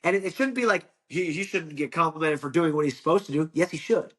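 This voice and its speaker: A man's voice: on the high side, fast, a bit bright, husky. A young man from Ohio, a wrestling coach, talking earnestly in a casual podcast chat, often repeating words and swearing freely. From Ohio, United States.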